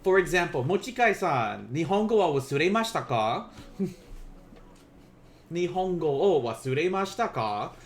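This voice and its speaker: A man teaching a casual live-streamed Japanese lesson, joking with viewers and slowing down to pronounce each word. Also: a little high, sing-song. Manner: playful, laughs and teases chat viewers; slows down to pronounce Japanese words.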